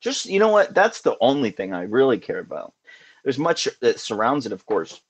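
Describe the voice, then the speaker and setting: A man's voice: medium pitch, very animated, normal speed, slightly rough. A man hosting a casual live call-in show, talking in an earnest, musing way with many restarts.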